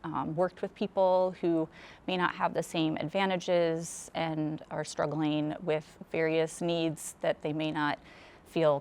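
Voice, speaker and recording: A woman giving a measured, sincere candidate statement for town council. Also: low voice, smooth.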